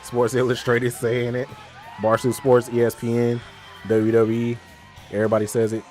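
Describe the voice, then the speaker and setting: A man streaming a casual live watch-along, talking excitedly with slang, laughing often and repeating himself. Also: medium pitch, normal speed, faint music behind, some chatter behind. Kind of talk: casual live reaction chat.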